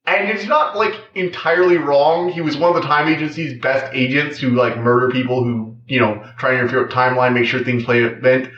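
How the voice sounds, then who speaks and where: A man's voice: medium pitch, fairly even intonation, fairly quick, few pauses, a bit bright, a little hiss or hum. Rambling man reviewing a show in a roomy room. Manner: rambling, loose, full of "like" and restarts. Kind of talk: casual spoken review. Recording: roomy, slightly dull recording.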